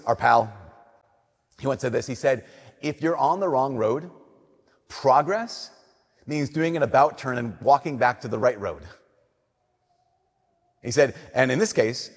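A young adult man giving a sermon, telling animated stories and swinging between loud emphasis and soft, slow lines. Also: medium pitch, husky. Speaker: Catholic priest. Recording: long reverb of a church.

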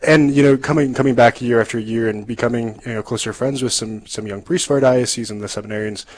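Young guy on a radio show, earnest and reflective, mid-pitch voice. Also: steady tone, quick pace, poor audio. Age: young adult. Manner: earnest, reflective, laughs softly while telling his story. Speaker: seminarian guest. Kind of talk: radio interview testimony.

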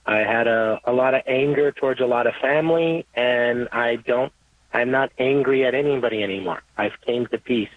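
A man calling in to a radio show, earnest and halting, often repeating himself as he speaks. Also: mid-range voice, dry recording. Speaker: caller. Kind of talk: emotional call-in testimony. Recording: tinny phone line.

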